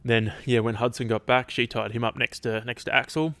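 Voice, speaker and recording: A man's voice: medium pitch, level tone, brisk, a bit bright, no room sound. A man hosting a casual solo podcast, rambling, restarting sentences and swearing offhandedly, his throat a little dry. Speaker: podcast host.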